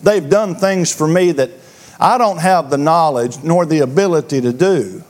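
Man, high-pitched voice, preacher, church sermon, earnest, repeats words. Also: moderate pace.

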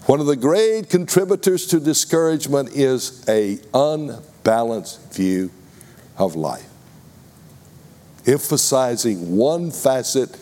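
A man preaching a sermon to a congregation in a slow, deliberate, emphatic way. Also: mid-range voice, darkish tone. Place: congregation room.

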